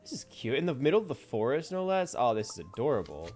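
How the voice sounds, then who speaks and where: A male streamer chatting as he plays, playful and teasing, his pitch jumping all over as he laughs and jokes. Soft game music runs quietly under his voice. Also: wildly swooping pitch, quick pace. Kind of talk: casual gameplay chat.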